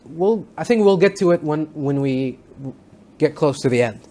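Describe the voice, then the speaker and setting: A man giving a casual spoken review of a TV series, rambling with many fillers and restarts, sometimes acting out lines in quick voices. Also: a little high, animated, mellow. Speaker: show reviewer.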